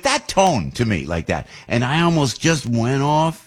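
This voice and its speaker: Gravelly, animated male talk host. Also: medium pitch, moderate pace, hardly any pauses. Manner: rambling, animated, frequent restarts. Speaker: radio talk show host. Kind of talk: casual storytelling chat.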